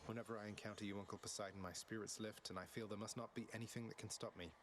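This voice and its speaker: An actor voicing a young, earnest prince of the underworld in a calm, low voice, heard from a video game over music. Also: male voice, rapid-fire, natural voice. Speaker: game protagonist.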